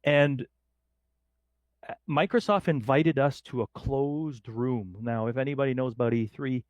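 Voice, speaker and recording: Unhurried and mid-range, with no echo in the recording, a middle-aged northern Canadian man shares casual anecdotes as a podcast guest. He's lively, performing the quoted voices of people in his stories.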